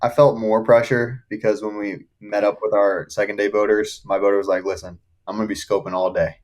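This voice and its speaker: A young man from the Shenandoah Valley, a podcast guest telling fishing stories in a casual, excited way, often laughing as he talks. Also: fairly low pitch, fairly quick. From Shenandoah Valley, Virginia. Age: young adult. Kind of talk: casual storytelling.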